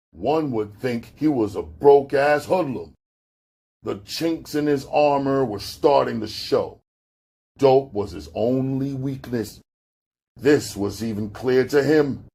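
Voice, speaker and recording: Slow husky male audiobook narrator. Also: warm tone. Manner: slow, low-key storytelling with gritty street slang.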